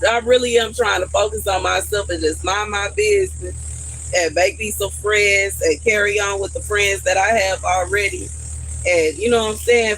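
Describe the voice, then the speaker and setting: A woman's voice: medium pitch, a bit bright, poor audio. A woman talks loosely on a livestream and vents her frustrations in a rambling, repetitive way. She sounds worn down and exasperated. A faint noise runs underneath her voice. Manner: rambling, repeats "you know what I'm saying"; venting, exasperated. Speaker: livestream host. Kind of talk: casual livestream chat.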